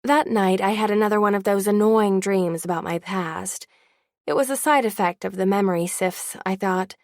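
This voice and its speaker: Gravelly woman narrating an audiobook. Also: medium pitch, moderate pace, no echo, clean studio sound. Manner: wry, candid storytelling. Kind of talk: first-person audiobook narration.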